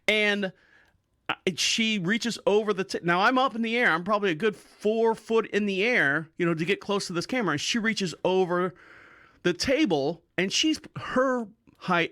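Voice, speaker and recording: A middle-aged man hosts a podcast, spinning a loose, joking story with plenty of chuckles. His voice sits a little high for a man. The sound is close and dry, with no room echo. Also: fairly bright tone. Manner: rambling, joking, laughs while telling stories. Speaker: podcast host. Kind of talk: casual storytelling monologue.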